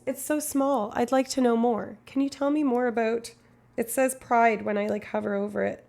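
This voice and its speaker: A woman's voice: on the high side, fairly even intonation, normal speed, creaky, a little mellow. A woman streamer in rambling, casual live-stream chat, swearing now and then.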